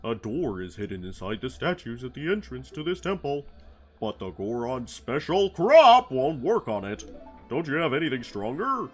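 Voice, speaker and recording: A man's voice: medium pitch, sing-song, normal speed, faint music behind. A man voicing a grateful male Goron, a rock-eating creature, reading the game's lines in his own plain voice.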